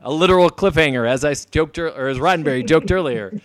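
A man's voice: a little high, dry recording. Dry-sounding man recapping with laughs. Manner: laughing often, acting out lines in quick voices. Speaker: podcast co-host. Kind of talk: casual chat recapping an episode.

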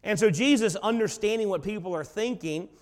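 High-voiced preacher in a reverberant hall. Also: male voice, brisk. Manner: dramatic storytelling, swinging between soft and loud. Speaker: pastor. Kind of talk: sermon. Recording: long reverb of a large hall.

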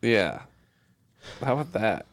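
A man co-hosting a gaming podcast in casual chat, playful and animated, often trailing off and restarting mid-sentence. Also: mid-range voice, slow, no room sound, studio quality. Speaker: podcast co-host.

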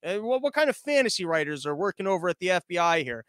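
A man with a high voice hosts a live-streamed podcast rant. He is loud and mocking, a little winded from pacing, and sounds dry and close to the mic. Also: very animated, fast talker, few pauses, clean tone, no echo. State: out of breath from pacing and yelling. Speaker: podcast host.

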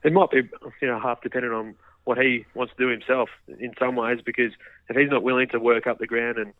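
Man, rapid speech, phone-line sound, hedging, filler-heavy radio guest. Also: mid-range voice, little pitch movement, no room sound. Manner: hedging, many fillers and restarts. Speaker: guest football journalist. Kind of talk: casual radio chat.

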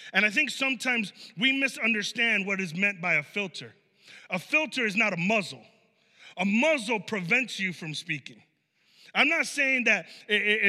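A man preaching a conversational sermon as a pastor in a church, animated, with many casual fillers and acted-out quotes. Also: high-pitched, in a large hall. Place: church sanctuary.

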